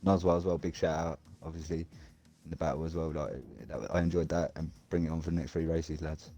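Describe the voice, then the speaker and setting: A man interviewed after a sim race, rambling and excitable, with halting restarts. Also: extremely low pitch. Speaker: sim racing driver being interviewed. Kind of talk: casual post-race chat.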